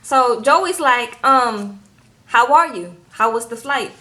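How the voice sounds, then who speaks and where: Young female vlogger, fairly high voice; sassy, animated recap delivery. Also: slow pace. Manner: animated, sassy, acts out quotes in voices, says "okay?" a lot. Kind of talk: casual chatty recap.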